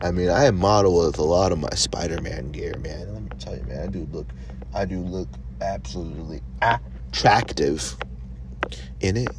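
A man's voice: low voice, normal speed, noisy background. A man hosting a podcast, rambling in a loose, profane, casual way. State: high. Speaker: podcast host.

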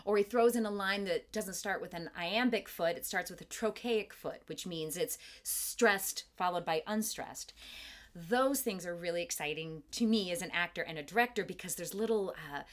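A woman's voice: on the low side, normal speed. A middle-aged woman theatre director in an interview, explaining terms thoughtfully and carefully, with plain enthusiasm for the craft. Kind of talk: interview conversation.

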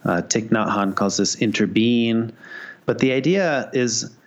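A man's voice: on the low side, a little slow. Thoughtful man with lo-fi sound. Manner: thoughtful, many restarts, storytelling. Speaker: guest meditation teacher. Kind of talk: reflective explanation of Buddhist teaching. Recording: dull lo-fi sound.

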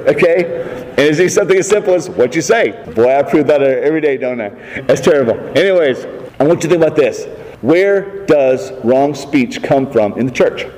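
A man preaching to his congregation, mixing scripture with folksy asides and jokes. His voice sits a little high for a man. The sound rings out with the long reverb of a church hall. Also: expressive, a little fast, darkish tone. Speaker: pastor. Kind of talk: sermon.

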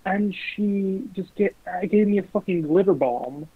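A young man with a slightly higher voice, husky and a little rough, tells lively anecdotes full of swearing and quick impressions. The sound is dry and narrow, like a phone line. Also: no room sound. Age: young adult. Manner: animated, swearing, mimics voices in quotes. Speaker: guest. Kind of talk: casual storytelling. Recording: lo-fi phone-like recording.

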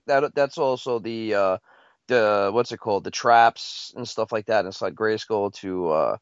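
A man in casual chat, halting and repeating himself as he searches for the right words. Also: fairly low pitch, smooth, no echo. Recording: dull lo-fi sound.

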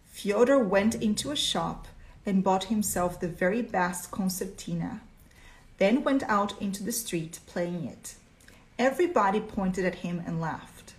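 Expressive woman reading a story aloud. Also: mid-range voice, measured pace. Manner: expressive, asks listeners questions. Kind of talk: storytelling lesson.

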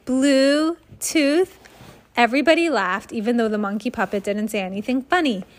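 A woman's voice: mid-range voice, fast. Woman reading a kids' book aloud. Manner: lively, expressive reading with asides. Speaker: reader.

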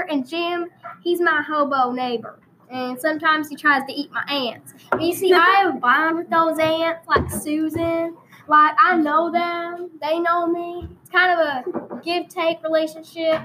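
A woman's voice: very high-pitched, steady tone, pushed and bright, a little hiss or hum, heavily acted, low-quality recording. A woman doing a folksy old Texan yarn-spinner. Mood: folksy rambling. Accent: put-on rural Texan. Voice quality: exaggerated drawl, deliberately bad accent. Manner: rambling, folksy asides. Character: old rural Texan storyteller, folksy and rambling.

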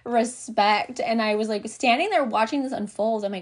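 A woman's voice: fairly high pitch, moderate pace. A woman hosting a podcast, talking casually and rambling with frequent "like"s, light laughs and quoted asides. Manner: chatty, rambling, peppered with "like" and laughs; acts out her own reactions in quoted asides. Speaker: podcast host. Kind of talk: casual conversational monologue.

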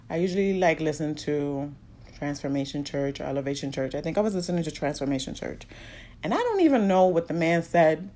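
Low-voiced woman telling a personal story. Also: dark tone. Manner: open and emotional, fighting back tears. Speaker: podcast host sharing a personal story.

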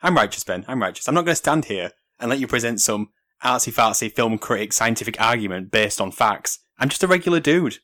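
A man's voice: mid-range voice, lively intonation, fairly quick, sharp tone. A man voicing a self-righteous, indignant everyman in a mock-preachy rant.

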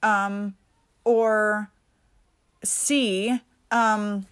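A woman's voice: mid-range voice, flat delivery, extremely slow, a bit bright, smooth. Woman host of a solo pep-talk podcast; casual, emphatic, a little salty. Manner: emphatic, casual and chatty, peppered with mild swearing.

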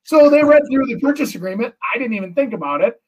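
A middle-aged man, a real estate agent, telling a story in casual chat, animated and full of restarts. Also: very high-pitched, quick pace, distant mic, highs cut off, slight background noise. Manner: animated, acts out quotes, many restarts.

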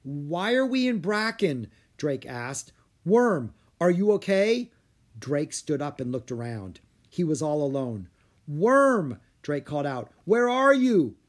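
A man reading aloud and voicing an earnest, excitable young boy who pleads urgently. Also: a little high, measured pace, hardly any pauses. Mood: alarmed.

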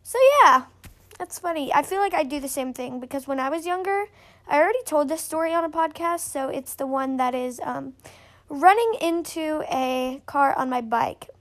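Young woman vlogger with a high voice. Rambles and chats while reading stories aloud. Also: normal speed, a bit bright. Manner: chatty, rambling, many fillers. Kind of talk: casual reading and commentary.

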